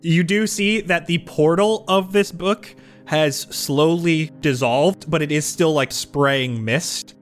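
A man narrates a tabletop game as its game master, setting each scene in a measured, descriptive way. His voice sits slightly high, with faint music in the background.

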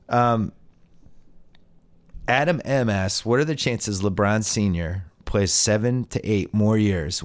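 A man's voice: lowish voice, darkish tone. A man hosting a casual sports podcast, reading out listener questions and giving wry, opinionated answers. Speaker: podcast host.

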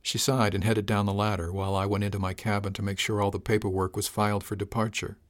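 Low-voiced man narrating a first-person audiobook. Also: flat delivery, quick pace.

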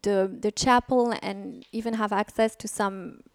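A woman's voice: mid-range voice, steady tone, unhurried, no echo. A woman speaking frankly and emotionally as a guest on an interview podcast. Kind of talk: candid interview conversation.

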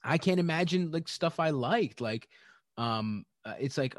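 A man chatting loosely on a podcast, swearing freely and laughing between thoughts. His voice sits at an ordinary middle pitch, and the sound is close and dry, with no room around it. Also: moderate pace, dry recording. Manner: chatty and profane, many fillers and laughs. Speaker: podcast guest. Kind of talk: casual podcast conversation.

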